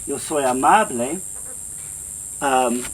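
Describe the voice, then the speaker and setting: A man teaching a beginner language lesson in a classroom, patiently repeating example phrases slowly. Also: mid-range voice, a little hiss or hum. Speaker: Spanish teacher.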